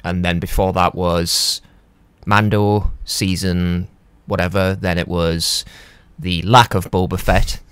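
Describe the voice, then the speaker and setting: A man's voice: deep voice, steady tone, slow, fairly bright tone, smooth, no room sound. A young British man co-hosting a casual podcast, laid-back and dryly joking. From Britain. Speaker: podcast co-host.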